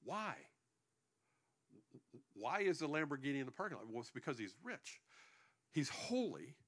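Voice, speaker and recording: A man's voice: fairly high pitch, sing-song, normal speed, fairly bright tone. A male pastor preaching a sermon to his congregation, joking between points and often restarting his sentences.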